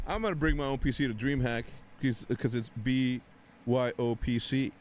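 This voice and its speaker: A man in his forties, a native Spanish speaker, chatting casually with his viewers while hosting a live watch party, with loud bursts of hype. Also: medium pitch, normal speed, a little hiss or hum. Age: 40s. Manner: animated, hypes things up with loud exclamations. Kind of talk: casual live-stream chat.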